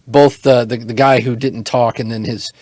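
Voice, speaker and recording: A man's voice: mid-range voice, dry recording. A man in the middle of his range runs a tabletop game, describing scenes at an easy pace with plenty of ums and restarts. His mic sounds close and dry, with no room around it. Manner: relaxed, halting narration with many fillers. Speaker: game master.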